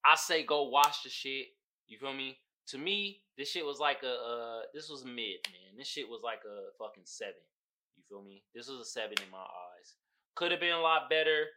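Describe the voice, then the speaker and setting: With a mid-range voice at a moderate pace, a young podcaster runs through a recap of a show in easygoing, foul-mouthed chatter. He laughs along and imitates the characters as he quotes them.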